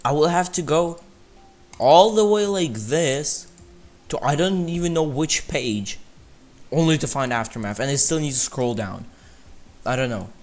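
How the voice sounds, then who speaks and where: A man's voice: mid-range voice, moderate pace. A young man streaming a game, thinking aloud in a casual, slangy way. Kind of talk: casual live-stream commentary while playing.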